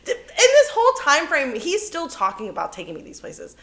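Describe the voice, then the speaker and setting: A young woman co-hosting a podcast, telling a story in casual chat, animated and cursing freely, laughing as she goes. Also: high-pitched, brisk. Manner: animated, swears often, laughs through her story. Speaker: podcast co-host.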